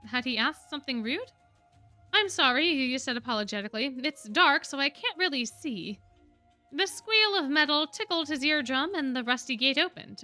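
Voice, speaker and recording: A woman reading a novel aloud on a stream, expressive, often dropping her voice for emphasis. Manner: expressive, with frequent drops in pitch and volume for emphasis.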